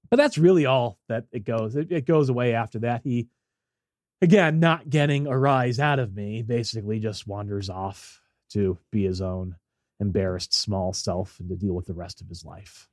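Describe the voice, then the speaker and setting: A man's voice: mid-range voice, no echo, clean studio sound. A man on a podcast telling a story in casual chat, acting out the voices in it. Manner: animated, acts out voices in quotes. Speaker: podcast co-host.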